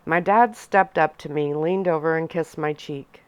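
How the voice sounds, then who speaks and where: A woman reading a young adult novel aloud in a soft-spoken ASMR storytelling style, narrating in first person. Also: low-pitched, unhurried, few pauses, clear, resonant tone, dry recording. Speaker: audiobook reader.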